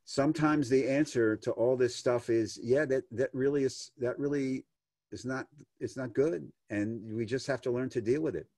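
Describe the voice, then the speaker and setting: A man's voice: mid-range voice, normal speed, a little mellow, dry recording, clean studio sound. A man, a rabbi, answering questions over a video call in a folksy, storytelling way, acting out the people he quotes. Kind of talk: answering questions in an online session.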